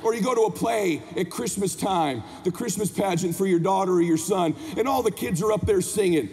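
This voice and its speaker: Male motivational speaker, very high and gravelly, preaching to a big convention hall with long reverb. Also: a little fast, darkish tone. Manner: impassioned, preaching to the crowd, asks the room questions. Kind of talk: motivational stage speech. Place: convention stage.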